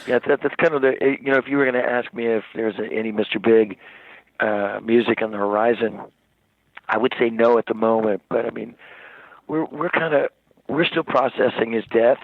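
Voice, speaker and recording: A man, a rock singer as interview guest, telling stories in a rambling, animated way with many restarts, over the phone. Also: mid-range voice, normal speed, vocal fry, no room sound. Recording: tinny dry phone line.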